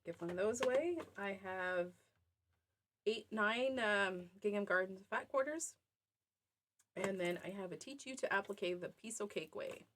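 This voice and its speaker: A woman's voice: medium pitch, normal speed, fairly bright tone, slight background noise. A woman co-hosting a quilt shop's live show, giggly and self-deprecating in casual chat. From Canada. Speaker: quilt shop co-host.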